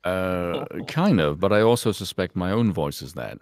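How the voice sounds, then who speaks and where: A man in his thirties from Ireland with a deep, resonant voice, chatting calmly and wryly on a podcast and swearing freely. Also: normal speed, no echo, studio quality. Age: 30s. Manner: calm, wry, swears freely. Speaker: podcast co-host. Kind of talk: casual chat.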